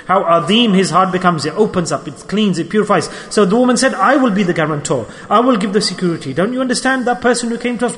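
A man preaching a sermon, telling a story with animated swings between loud exclamations and hushed asides. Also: sits high. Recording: long hall reverb.

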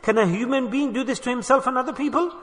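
Speaking fast in a very high, fairly bright voice, a man preaches a sermon at a mosque gathering. He is impassioned, pressing his listeners with rhetorical questions, and the recording carries the echo of a reverberant hall.

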